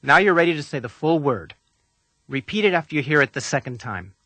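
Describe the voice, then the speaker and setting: Bright-voiced man coaching pronunciation. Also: a little high, no echo. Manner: calm, deliberate, patient coaching. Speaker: language instructor. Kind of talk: scripted instructional narration.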